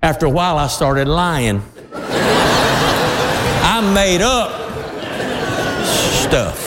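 A man preaching a sermon through an animated story, acting out the voices of everyone in it. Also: fairly high pitch, slow, long reverb tail, a loud crowd, very noisy. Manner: animated, acts out every voice in his stories.

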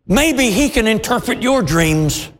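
A man's voice: high voice, expressive, measured pace, fairly bright tone, voice pushed up. A man voicing a nervous male royal servant who stammers and grovels before a king. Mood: groveling. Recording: long hall reverb.

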